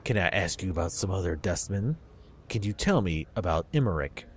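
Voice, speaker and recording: A man voicing a grim male wanderer who asks short, quiet questions in a lowered voice. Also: animated, a little fast, breathy edge. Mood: terse.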